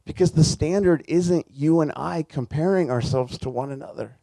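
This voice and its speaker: A male pastor with a fairly high voice delivers a sermon in an earnest, conversational way, often restarting his sentences. The sound is close and dry, with no room echo. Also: normal speed, vocal fry, mellow.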